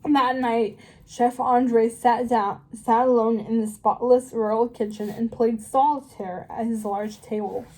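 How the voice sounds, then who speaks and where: Slow, mellow woman reading a storybook aloud. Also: fairly high pitch, steady tone, rough recording. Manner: slow and careful, with small slips and restarts. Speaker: reader. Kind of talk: reading a children's novel aloud.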